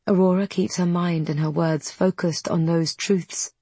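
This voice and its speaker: A woman narrating a fantasy audiobook in a measured, even reading voice. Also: on the low side, husky, no echo.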